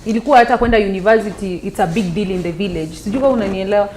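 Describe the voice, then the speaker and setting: A woman's voice: mid-range voice, rapid-fire, darkish tone, slight background noise. A Kenyan woman from Nairobi, a talk show guest, speaking emphatically and repeating her points while mixing Swahili and English.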